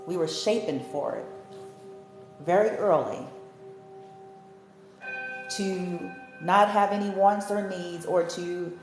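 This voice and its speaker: A woman's voice: lowish voice, takes it slowly, long pauses, roomy sound, music in the background. A woman ranting to her viewers in a profane, sassy monologue, laughing often and throwing in mocking asides. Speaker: spiritual healer vlogger.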